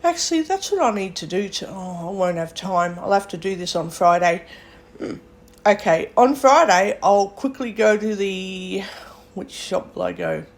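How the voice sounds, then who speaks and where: A woman's voice: medium pitch, expressive, moderate pace. Chatty young Australian woman vlogger. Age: young adult. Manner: chatty, thinks aloud with fillers and self-corrections. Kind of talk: casual rambling monologue.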